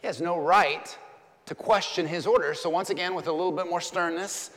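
A man's voice: a little high, normal speed, a bit bright, long reverb tail. Man preaching a rhythmic, emphatic sermon. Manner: storytelling with emphatic, rhythmic build-ups. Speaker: pastor.

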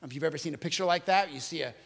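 A male pastor delivering an impassioned sermon at a church service, swinging from hushed to emphatic. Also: on the high side, very fast, creaky, long reverb tail.

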